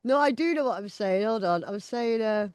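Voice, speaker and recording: Playful woman podcast host, lively pitch. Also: normal speed, clean tone, no echo. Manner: playful, theatrical, laughs at her own jokes. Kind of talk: casual chat.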